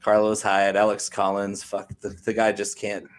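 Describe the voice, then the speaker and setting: Male co-host, low voice, joking banter, faint noise behind. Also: completely flat delivery, moderate pace. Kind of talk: casual sports chat.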